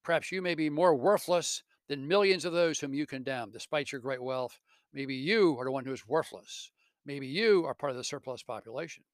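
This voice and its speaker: A man's voice: a little high, normal speed, no room sound, studio quality, lightly acted. A man doing a giant kingly Christmas ghost, stern and mocking. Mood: scolding. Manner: scolding and mocking.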